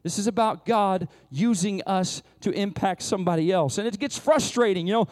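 A man's voice: high voice, moderate pace, darkish tone. A male pastor preaching a sermon, impassioned, with frequent restarts and repetitions.

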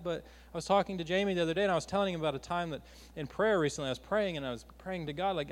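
A man with a slightly high voice preaches a fervent sermon, surging and easing as he makes his points. His voice rings through a reverberant church hall with a long tail. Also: very fast. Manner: impassioned, rising and falling in force.

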